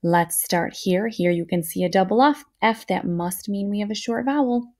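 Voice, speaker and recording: A woman teaching a children's phonics lesson, speaking slowly and clearly, encouraging her listeners. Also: mid-range voice, darkish tone.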